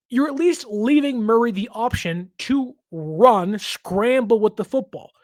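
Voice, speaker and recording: Excitable, emphatic woman breaking down football. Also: fairly high pitch, no echo. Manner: emphatic and excitable, rapid rants with self-interruptions. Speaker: sports podcast host. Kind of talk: casual football analysis commentary.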